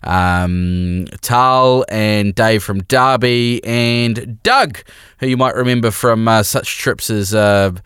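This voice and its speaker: A young New Zealand man with a lowish, smooth, resonant voice, chatting casually as a podcast co-host. He tells his story in a rambling, self-deprecating way, and the sound is dry and close with no room echo. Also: slow pace, fairly bright tone. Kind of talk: casual chat.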